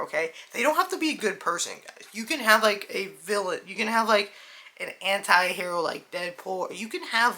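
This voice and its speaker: Bright-voiced excitable woman reviewing a movie. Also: medium pitch, a little hiss or hum. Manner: excitable, chatty, addresses viewers as "dude" and "guys". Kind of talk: casual movie review vlog.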